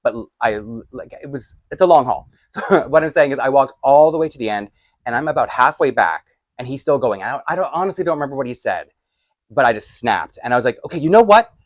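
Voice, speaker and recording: A man telling a storytime vlog, acting out both sides of a heated argument and getting loud. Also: medium pitch, animated, fast, dry recording, studio quality. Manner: lots of fillers and restarts, laughs between lines. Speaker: doll collector vlogger. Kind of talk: storytime vlog, animated retelling. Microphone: desk microphone.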